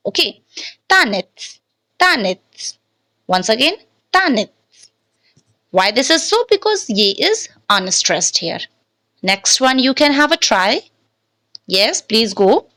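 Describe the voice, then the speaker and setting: A woman's voice: on the high side, big pitch swings, unhurried, fairly bright tone, dry recording, rough recording. A woman teaching a language lesson from slides, speaking patiently, repeating words and checking in with "okay?", and switching between English and Hindi.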